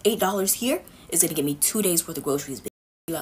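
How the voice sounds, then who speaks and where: A woman's voice: fairly low pitch, animated, quick pace, darkish tone, a little hiss or hum. A woman ranting defiantly, mocking her critics with profanity. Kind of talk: casual rant to phone camera.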